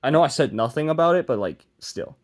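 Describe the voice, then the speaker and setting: This young adult vlogger's voice is a little high and a little fast, with lively intonation. He talks loosely to camera as he works, mumbling, running himself down, and frequently dropping sentences to begin again.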